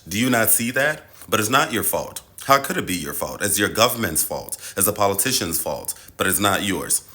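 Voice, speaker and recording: Deep-voiced man ranting hard. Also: bright, forceful tone. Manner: emphatic, profane and repetitive. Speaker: social media commentator. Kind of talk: impassioned direct-to-camera rant.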